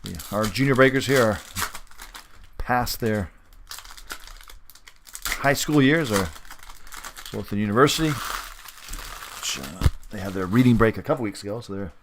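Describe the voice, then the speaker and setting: A middle-aged man from Western Canada, casually commenting as host of a live sports card break and reading out each card with quick upbeat reactions. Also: fairly low pitch, background noise. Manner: chatty, rambling, reads out cards with quick upbeat reactions.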